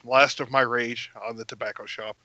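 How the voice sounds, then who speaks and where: A man's voice: mid-range voice, steady tone, normal speed, bright, forceful tone, dry recording, lo-fi sound. A man playing in a tabletop game, stating his moves in short, blunt lines. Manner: blunt, terse in-character declarations. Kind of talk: casual chat.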